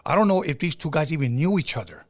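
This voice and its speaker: A man's voice: fairly high pitch, animated, fast talker, soft background music. Middle-aged man hosting a casual podcast. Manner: conversational storytelling with frequent fillers and restarts. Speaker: podcast host.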